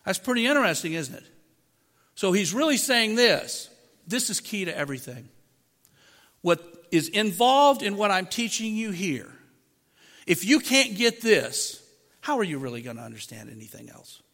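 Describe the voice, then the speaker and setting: High-voiced preaching man in a reverberant hall. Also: very animated, moderate pace, gravelly, fairly bright tone. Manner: conversational preaching with rhetorical questions. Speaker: pastor. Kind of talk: sermon. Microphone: microphone.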